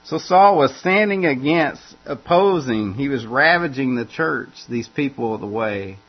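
Gravelly, husky male preacher. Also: medium pitch, animated, a little slow. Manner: informal, repeats and restarts phrases as he explains. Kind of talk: conversational Bible teaching. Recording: dull lo-fi recording.

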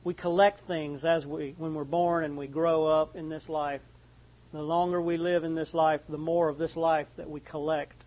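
A man preaching a sermon, reading Bible passages slowly, then repeating and explaining them. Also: a little high, level tone, muffled recording. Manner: reads scripture slowly, then restates and explains it. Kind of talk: slow expository Bible teaching.

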